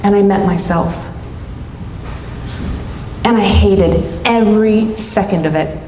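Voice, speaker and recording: Middle-aged woman storyteller, unhurried and pausing, heard in a roomy hall with a long reverb tail. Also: medium pitch, dark tone, a little hiss or hum. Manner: deliberate, dramatic pauses between short phrases. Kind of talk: live storytelling performance. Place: stage at a live event hall.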